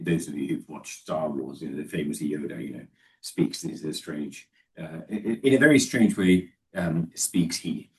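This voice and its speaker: A man's voice: low voice, mellow. A man giving a discursive, explanatory Bible study lesson, with the voice recorded from a distance. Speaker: Bible teacher.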